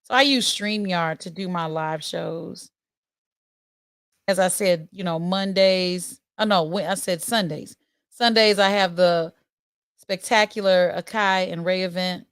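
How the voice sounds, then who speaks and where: A woman's voice: fairly low pitch, measured pace, clear, resonant tone, dry recording, studio quality. A woman in her forties hosting her live-stream talk show, telling stories candidly and acting out voices as she goes. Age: 40s. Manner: animated, candid storyteller who acts out voices.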